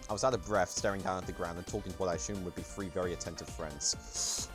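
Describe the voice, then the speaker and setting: A man's voice: low voice, fast, faint music behind. A man hosting a let's play, reading game text aloud with jokey asides.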